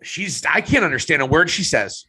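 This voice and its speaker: A man co-hosting a wrestling podcast in casual chat, teasing his partner and breaking into excited outbursts. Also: on the high side, moderate pace, husky.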